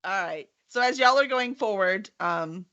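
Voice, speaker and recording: A woman narrating as game master of a tabletop game, animated and quick to laugh. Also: medium pitch, slight background noise. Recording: lo-fi stream audio.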